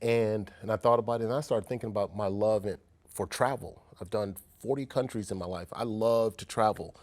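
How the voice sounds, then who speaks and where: A man's voice: lowish voice, a little fast, darkish tone. A man from South Central Los Angeles in a candid conversation, telling a personal story in an earnest, reflective way and often restarting his sentences. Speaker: former pro athlete in conversation.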